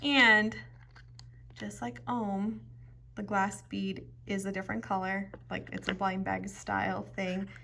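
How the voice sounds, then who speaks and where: Gushing, gravelly-voiced woman reviewing beads. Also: medium pitch, level tone, measured pace, hardly any pauses, background noise. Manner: gushing, chatty, often drops to a whisper. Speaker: jewelry bead reviewer. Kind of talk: casual show-and-tell vlog.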